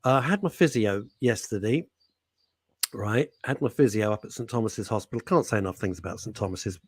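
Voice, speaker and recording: A man's voice: on the low side, brisk, husky, no echo. A man hosting a radio show, chatting in a rambling, jokey, self-mocking way. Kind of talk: casual chat. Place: radio studio.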